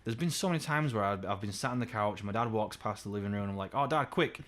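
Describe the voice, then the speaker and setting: A young man co-hosting a podcast, his voice a touch lower than most. He chats casually, swears freely, and jumps his pitch up whenever he imitates his dad. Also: fast talker, fairly bright tone. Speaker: podcast co-host. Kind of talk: casual chat.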